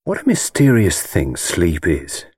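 Low, lively-toned male storyteller. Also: husky, no room sound, clean studio sound. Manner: measured, reflective storytelling. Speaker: audiobook narrator. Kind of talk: audiobook narration.

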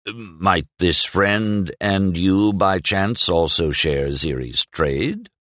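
A man voicing a burly middle-aged soldier who is gruff and used to giving orders. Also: deep voice, drawn-out words, fairly bright tone, no room sound, heavily acted. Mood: wheedling.

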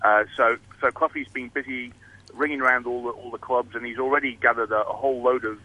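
A man's voice: mid-range voice, steady tone, quick pace, sharp tone, rough recording. A man talking casually as a guest on a morning radio show, hesitant with many fillers and restarts. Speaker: rugby guest.

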